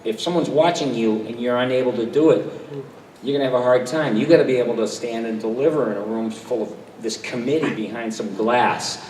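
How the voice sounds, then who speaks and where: A man's voice: medium pitch, darkish tone. Older man, panel guest, chatty storyteller, heard from far off in a big echoing hall with faint room noise. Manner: chatty, self-deprecating, jumps into quick impressions. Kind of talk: relaxed storytelling to an audience. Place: convention hall. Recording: distant, echoey hall recording with faint crowd ambience.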